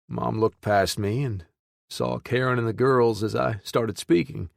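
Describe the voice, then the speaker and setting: A man narrating a first-person audiobook in a plain, steady storytelling manner. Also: mid-range voice, a little slow, vocal fry, dry recording, clean studio sound.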